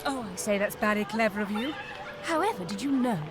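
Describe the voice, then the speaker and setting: A woman's voice: mid-range voice, animated, brisk, lightly acted. A woman playing a breezy female mystery writer in disguise in a video game. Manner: breezy, chirpy upper-class exclamations. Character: posh female mystery writer posing as a flower seller. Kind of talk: game voice acting. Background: game music.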